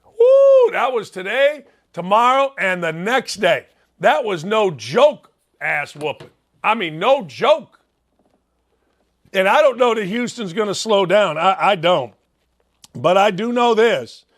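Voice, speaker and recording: A man's voice: high voice, lively intonation, a little slow, a bit bright. A sports radio host from Northwest Indiana with a Chicago accent, talking bluntly and self-mockingly as he rambles through his bracket picks. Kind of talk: solo sports talk monologue.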